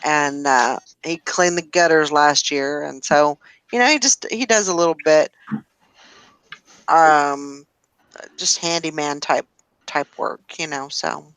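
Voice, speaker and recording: A woman hosting a casual morning chat, rambling and self-deprecating as she talks. Her voice sits a little low for a woman. The sound is dry and close, with no room around it. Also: expressive, takes it slowly, a bit bright, no room sound. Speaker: host.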